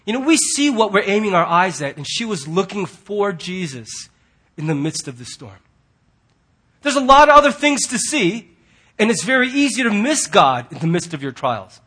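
A man preaching a sermon in an earnest, husky voice that sits high for a man. He presses hard on key words, then drops to a hush. His talk is that of a pastor before his church. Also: sing-song, moderate pace. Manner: earnest, swings from loud emphasis to hushed quiet.

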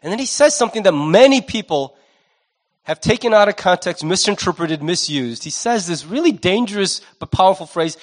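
A fairly high-voiced man in his forties preaching from the pulpit. He speaks with lively conviction and slips into character voices to act out the people he quotes. His delivery shifts between intense emphasis and casual asides. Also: brisk. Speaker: pastor. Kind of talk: sermon.

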